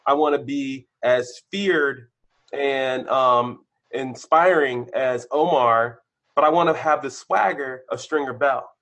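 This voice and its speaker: A man, a guest on a podcast, telling candid stories about his career, his voice shooting up when excited and dropping low when reflective. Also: slow. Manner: animated storyteller, bursts of excitement, then drops low. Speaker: podcast guest, senior engineer. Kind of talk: candid conversational interview.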